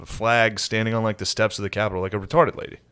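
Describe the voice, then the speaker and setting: A man in his thirties with a lowish voice, riffing crudely on a comedy podcast. He jokes loosely and keeps breaking into mocking put-on voices. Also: level tone, quick pace, fairly bright tone, clear, resonant tone. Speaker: podcast co-host. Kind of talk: casual comedy podcast banter.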